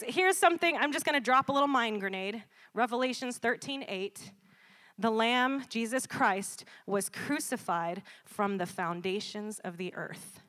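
A woman preaching a sermon, checking in often with "Amen?" and building to loud, emphatic peaks. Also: medium pitch.

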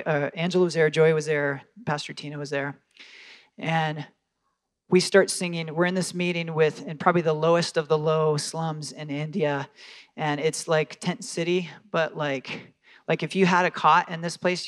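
Man preaching in animated storytelling. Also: on the high side. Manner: animated storytelling with quoted voices. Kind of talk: sermon storytelling.

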